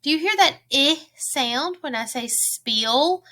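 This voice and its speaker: A woman with a high, bright voice teaches young children phonics. She talks very slowly and sounds out each letter with care. She asks the listener easy questions along the way. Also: lively intonation. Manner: slow, clearly sounds out letters and words.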